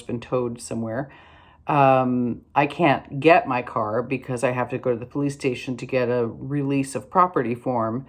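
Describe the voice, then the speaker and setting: A tired older woman telling a rambling, wry story in a casual vlog, with lots of fillers and restarts. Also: a bass voice. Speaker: vlogger.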